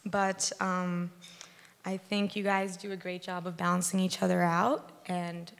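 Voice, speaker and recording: A woman's voice: on the low side, little pitch movement, measured pace, vocal fry. A young woman from the bride's family giving a casual wedding toast, with many likes and ums, in a reception hall. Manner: casual, filler-heavy with frequent likes. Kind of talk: wedding speech. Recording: reverberant hall.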